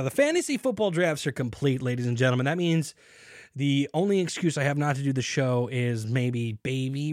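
A young man hosting a casual beer podcast, jokey and animated, swinging into mock announcer bits. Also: on the high side, dry recording, studio quality. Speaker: podcast host.

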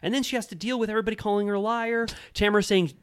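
A man co-hosting a podcast in casual chat, animated and blunt, swearing often and mimicking people in a high voice. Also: racing, clear, resonant tone. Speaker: podcast co-host.

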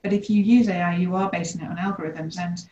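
A woman co-hosting a casual discussion, explaining points in a measured, deliberate way. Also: fairly low pitch, fairly even intonation, warm tone, reverberant, highs cut off. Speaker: co-host, leads people teams.

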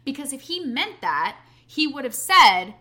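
A young woman chatting casually, telling an animated story, swearing freely and acting out what others said. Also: sits high, unhurried. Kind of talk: casual chat.

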